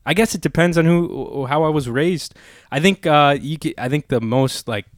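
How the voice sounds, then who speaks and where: A man's voice: fairly high pitch, moderate pace, no room sound, clean studio sound. A man co-hosting a podcast in casual chat, rambling and swearing, with "like" in nearly every line. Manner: rambling, swears a lot, says "like" constantly. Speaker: podcast co-host.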